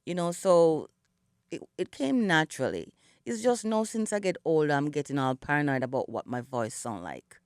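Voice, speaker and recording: In a radio studio, a middle-aged Jamaican singer and guest talks at normal speed in a low-pitched, slightly mellow voice that is animated. It's still her morning voice, not yet warmed up, as she reflects and tells stories full of "you know" fillers. The sound is dry and clean, as in a studio.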